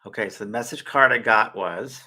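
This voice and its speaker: Man, middle-aged, spiritual show host, bright tense tone, husky, casual chatty storytelling. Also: on the low side, brisk, rough recording. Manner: chatty storyteller, gets emotional and tearful. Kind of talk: casual live-stream talk.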